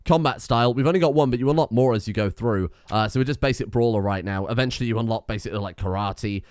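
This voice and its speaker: A man's voice: medium pitch, quick pace, darkish tone, no room sound, clean studio sound. Sweary English man commentating a game. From England. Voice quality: sweary, chuckling, offhand. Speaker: game streamer. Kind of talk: casual let's-play commentary.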